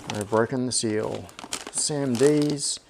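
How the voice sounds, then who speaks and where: A live-stream host with a creaky, mid-range voice speaks at a measured pace, chatting casually and muttering to himself as he hunts through a workshop clean room. Anti-static bags rustle and clicks sound behind him.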